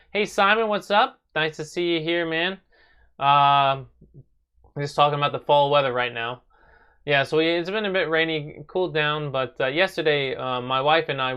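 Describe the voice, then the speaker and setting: A man's voice: fairly high pitch, fairly bright tone, clear, resonant tone, dull audio. Young guy rambling on his home live stream, lots of ums, talks to chat. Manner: rambling, filler-heavy, chatty with viewers.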